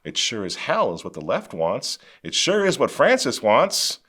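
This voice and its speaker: A middle-aged man hosting a show, delivering impassioned commentary that swings from quiet intensity to loud outrage. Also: mid-range voice, wildly swooping pitch, moderate pace, breathy edge. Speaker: show host.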